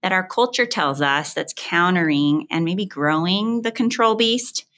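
A woman's voice: lowish voice, expressive, measured pace, a bit bright. A woman hosting an interview, asking open questions in an encouraging, conversational way. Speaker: podcast host.

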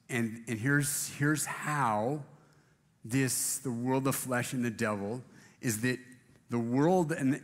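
A man's voice: mid-range voice, in a large hall. A man preaching a casual sermon in a church, rambling and self-deprecating, with many restarts. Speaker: pastor. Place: church auditorium.

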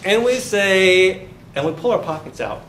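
High-pitched and somewhat bright, this man speaks in an animated yet unhurried way while delivering a university finance lecture. He jokes, tells stories, and quizzes his students. The room is echoey, with a faint hiss underneath.

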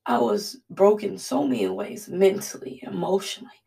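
Earnest and halting, a woman delivers a heartfelt devotional, her voice catching with emotion and using a Southern-style "y'all". Her medium-pitched, mellow tone has a gravelly, fry-edged texture. She sits some distance from the mic, so she sounds a little removed.

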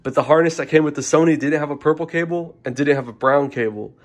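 A man's voice: on the high side, fast talker. Young guy rambling thru a diy car radio install, laid back, keeps fixing his words. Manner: rambling, informal, self-correcting. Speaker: car audio DIY reviewer. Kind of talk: casual how-to explanation.

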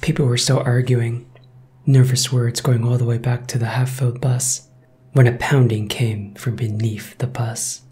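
A man narrating a first-person horror story in a measured, suspenseful way. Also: mid-range voice, little pitch movement, a little mellow.

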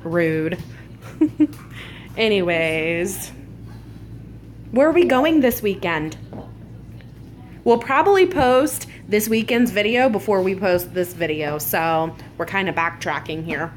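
A woman's voice: mid-range voice, lively intonation, slow, long pauses. A mother filming a casual family vlog at home, teasing playfully and laughing often. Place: at home, kitchen. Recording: home video with dishwasher noise.

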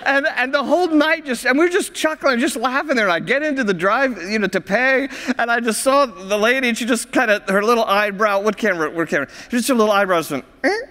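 Jovial high-voiced pastor in an echoing hall. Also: male voice, fast talker, hardly any pauses, bright, forceful tone. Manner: jovial, laughs often at his own stories. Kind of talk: sermon with humorous storytelling. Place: church sanctuary. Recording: reverberant church hall.

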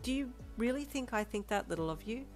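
A woman's voice: mid-range voice, sing-song, takes it slowly, gravelly, faint music behind, pitched above the performer's own voice, full character voice. A woman voicing a feisty, defiant young woman in a fan fiction audio reading. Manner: retorting, defiant.

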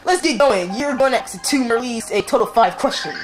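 Woman doing a booming game show host. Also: expressive, fairly quick, lightly acted. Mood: showy. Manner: booming showy announcing. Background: game music.

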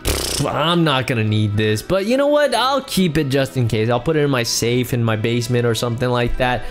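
A man playing a would-be hero dad in a Minecraft role-play, excitable and jumpy, exclaiming often. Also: mid-range voice, a little fast, over music. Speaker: YouTube gamer in role-play.

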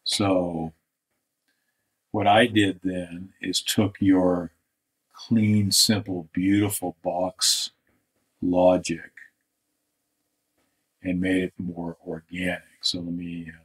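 A male art instructor giving a live drawing critique, thoughtful and halting, often trailing off into soft mutters. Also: deep voice, little pitch movement, rough recording.

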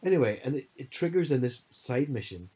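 A man co-hosting a podcast, telling stories in an animated, casual chat full of fillers. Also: mid-range voice, fairly quick, breathy edge, rough recording. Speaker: podcast co-host.

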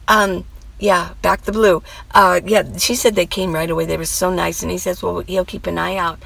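A woman's voice: lowish voice, moderate pace, vocal fry, a bit bright, breathy edge, low-quality recording. A middle-aged woman vlogger telling a story in a rambling, chatty way, full of asides and quoted dialogue. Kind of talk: casual storytelling vlog.

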